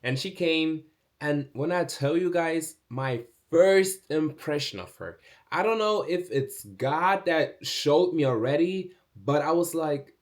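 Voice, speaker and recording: A young man telling a casual storytime vlog, chatty with fillers, acting out other people's lines with big jumps in pitch. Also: slow pace. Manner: animated, acts out quoted speech with big pitch jumps; chatty, many fillers like "like" and "bro". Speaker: vlogger.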